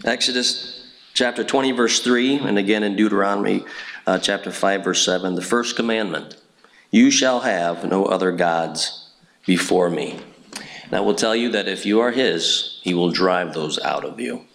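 A man's voice: lowish voice, normal speed, vocal fry, a bit bright, low-quality recording. A middle-aged man from Indiana giving a personal testimony talk at church, telling stories earnestly with frequent fillers and restarts. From Indiana, USA.

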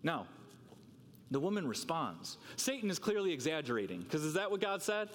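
A man's voice: fairly high pitch, sing-song, normal speed, a bit bright, in a large hall, slight background noise. A man preaching a sermon, talking with rhetorical questions and repeating words as he works through a passage.

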